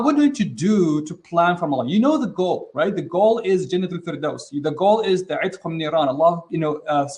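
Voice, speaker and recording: A fairly high-voiced man leads an online class in an easygoing, energetic way. He keeps the audience involved and often slips in Arabic religious phrases. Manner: energetic, casual, acts out quoted reactions. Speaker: webinar host and trainer. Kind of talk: interactive online teaching.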